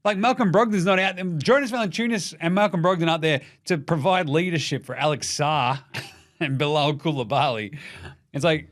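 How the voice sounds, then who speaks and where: A man's voice: a little high, normal speed, fairly bright tone. A man from Australia hosting a casual sports podcast, rowdy and sweary, cracking jokes and slipping into silly voices. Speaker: podcast host.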